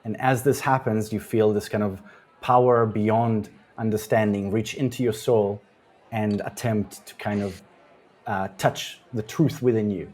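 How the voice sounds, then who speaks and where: Slightly low-voiced male game master. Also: unhurried. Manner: relaxed and chatty, laughs often, restarts sentences. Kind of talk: narrating a tabletop game.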